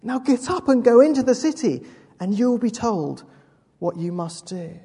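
A woman's voice: fairly high pitch, animated, moderate pace, mellow, breathy edge. A woman voicing a solemn heavenly man calling. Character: commanding divine male voice from heaven. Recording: echoey hall with long reverb.

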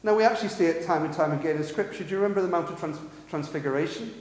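A man's voice: a little high, racing, a little mellow. A man preaching a sermon in earnest, asking the congregation rhetorical questions in a church hall. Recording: echoey, long hall reverb.

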